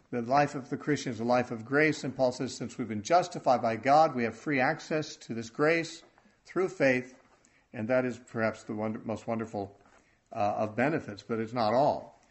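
Man preaching, earnest, halting delivery, mid-pitched voice. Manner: earnest, halting, with many restarts. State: choked up with emotion. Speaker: Bible teacher. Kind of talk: sermon.

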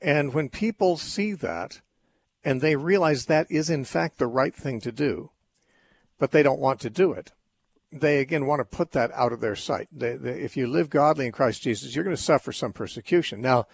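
A middle-aged man hosting a call-in radio show, explaining Bible passages in a measured way with occasional restarts. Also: medium pitch, expressive, creaky, breathy edge. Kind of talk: call-in radio talk, teaching.

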